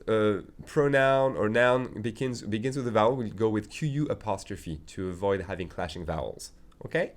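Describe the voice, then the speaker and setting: A man with a French accent teaching a French lesson, patiently repeating example phrases slowly and then at speed. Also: mid-range voice. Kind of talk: language lesson.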